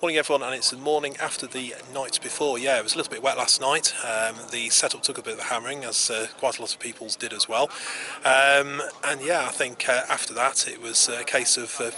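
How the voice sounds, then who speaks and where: A man's voice: medium pitch, bright, forceful tone. A man vlogging casually from a campsite, rambling with lots of ums and uhs. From England. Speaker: camping vlogger. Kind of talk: casual outdoor vlog. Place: campsite outdoors.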